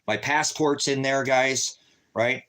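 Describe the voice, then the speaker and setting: A storyteller venting, this man speaks slowly in a medium-pitched, fairly bright voice. His casual rant about an angry personal experience is agitated and profane, full of cursing and arguments with other people reenacted in quoted voices.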